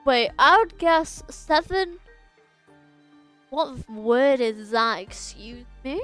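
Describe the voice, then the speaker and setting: Young female game streamer, bright high register, casual and self-mocking, soft music underneath. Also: expressive, slow pace. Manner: chatty, stumbles over long words, laughs at herself. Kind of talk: casual chat while reading game dialogue aloud. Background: faint game music.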